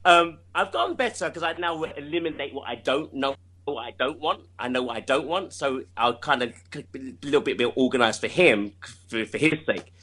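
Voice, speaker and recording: Bright-voiced man chatting animatedly. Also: mid-range voice, fairly quick. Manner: animated, many restarts and laughs. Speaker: singer being interviewed. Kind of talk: casual interview chat.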